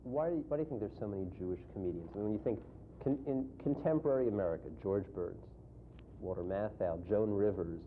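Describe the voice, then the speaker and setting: A man, a rabbi hosting a TV interview show in a studio, introducing his guest and asking questions in a relaxed way. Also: lowish voice, fast. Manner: relaxed, laughs easily at the guest. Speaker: rabbi and talk show host. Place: television studio. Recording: tinny phone-like archive broadcast with faint hiss.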